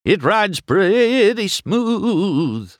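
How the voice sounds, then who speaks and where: A man voicing an excitable, goofy male tow truck in a storybook read-aloud, whooping in a folksy way. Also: sits high, very slow, no echo, studio quality, pitched above the performer's own voice, heavily acted. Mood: gleeful.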